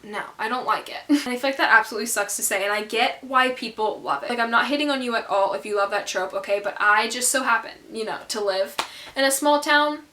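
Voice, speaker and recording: Bubbly young woman book vlogger, bright voice, lots of "like" and "okay?", bit of country twang. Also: on the high side, fast talker, few pauses, a little hiss or hum. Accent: rural American country twang slips in. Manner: bubbly, filler-heavy, says "okay?" a lot. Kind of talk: casual chat to camera.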